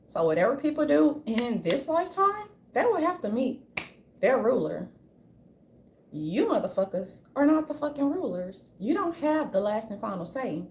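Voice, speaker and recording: A woman giving an unscripted commentary rant, brash and profane, with a sassy, animated delivery. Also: a little high, slight background noise. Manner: brash, profane, sassy, repeatedly says "darling"; animated, jumps into mocking voices. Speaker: commentary vlogger.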